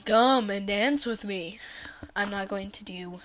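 Slow-talking goofy woman gamer. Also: medium pitch, a little hiss or hum. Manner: goofy, rambling, drops into whispered asides; bursts into excited shrieks. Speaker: let's play commentator. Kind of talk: gameplay commentary.

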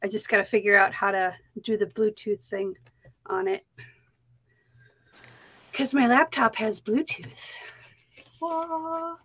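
A chatty woman with a Minnesota accent chats through an art live stream, narrating her own crafting as she goes. Her voice sits a little high, and the sound is close and dry with no room echo. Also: fairly even intonation, takes it slowly, long pauses, fairly bright tone. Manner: chatty, talks to herself as she works. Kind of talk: casual chat while crafting.

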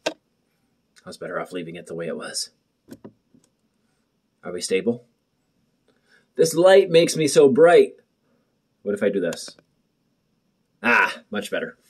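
A young man sits in his bathroom at home vlogging, nervous and rambling as he jokes to the camera. His mid-range voice is sing-song, slow and slightly rough, with frequent pauses. The casual chat is captured on a muffled built-in camera mic.

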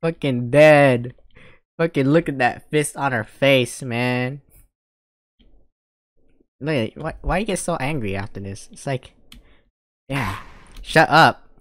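A woman giving loud, profane, mocking commentary while reacting to a video, often laughing. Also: a bass voice, slow pace, pauses often, no room sound, clean studio sound.

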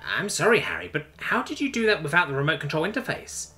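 A man voicing a calm male alien crewman with talons, explaining things in a matter-of-fact way. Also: a little high, fast, pitched above the performer's own voice, full character voice. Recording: faint music underneath.

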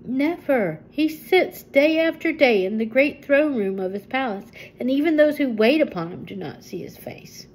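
A woman's voice: sits high, expressive, normal speed, hardly any pauses, slight background noise, voice pushed up, poor audio. Woman voicing a kindly village man, patient explaining, light raised voice, storybook. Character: kindly village man, hurt leg, knowing.

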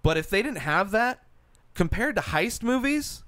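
Lively, swearing casual male podcaster. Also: high-pitched, no room sound. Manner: swears freely, quick offhand opinions. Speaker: podcast co-host. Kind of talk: casual chat.

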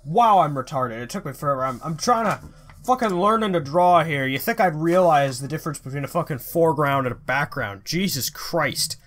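A man giving let's play commentary, excitable, swearing a lot and thinking aloud as he plays. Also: on the high side, fairly quick. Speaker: gamer.

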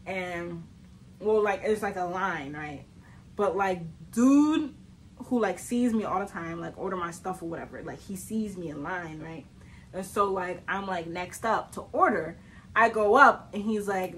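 A woman's voice: fairly low pitch, a little slow, fairly bright tone, slight background noise, low-quality recording. A young woman, chatting casually to camera as a vlogger, telling stories with lots of fillers and frequent laughter. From Southern United States. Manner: chatty storytelling, laughs often, many fillers.

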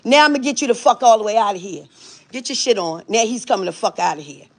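A woman on a phone livestream in a hotel hallway, loud and profane, repeating the same orders over and over. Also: a little high, lively intonation, fast, husky. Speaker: livestreamer intervening in a dispute.

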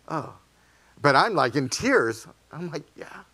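A man preaching a sermon in a high, bright voice. He tells a story in hushed tones, then swells into fervent, pleading passages. He sounds like a pastor speaking to his congregation. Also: big pitch swings, slow pace. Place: church sanctuary.

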